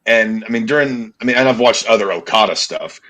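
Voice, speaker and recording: A man's voice: lowish voice, fairly quick, a bit bright. Hesitant man in casual chat. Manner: hesitant, many restarts and fillers. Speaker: podcast co-host.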